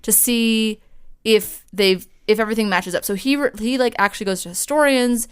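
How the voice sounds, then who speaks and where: A woman's voice: on the high side, moderate pace, clear, resonant tone. A young woman co-hosting a podcast, telling a ghost story in casual chat, full of fillers and swearing. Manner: chatty, swears a lot, many fillers. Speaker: podcast co-host.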